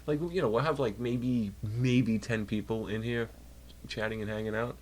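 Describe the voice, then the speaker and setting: A man's voice: on the low side, fairly even intonation, moderate pace, darkish tone. A young man streaming from home, chatting casually into a desk mic, rambling and swearing, with a slightly stuffed, nasal nose. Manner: rambling, profane, jokey, talks to chat. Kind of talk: casual chat on a livestream.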